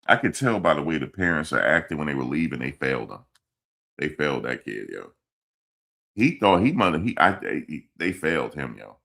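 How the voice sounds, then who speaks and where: A man hosts a casual live stream and answers chat comments. His voice sits extremely low and has a rough, gravelly fry. He talks bluntly and repeats himself as he scolds commenters. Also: sing-song, fairly quick, a bit bright. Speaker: livestream host reading chat. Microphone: streaming mic.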